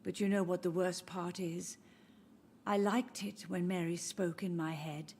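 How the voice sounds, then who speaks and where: A woman's voice: fairly low pitch, fairly even intonation, unhurried, slight background noise. An actress voicing a frail elderly mother in a video game, grieving and confused, speaking in a wistful, drifting way. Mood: sorrowful. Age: older. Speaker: game character. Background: soft game music.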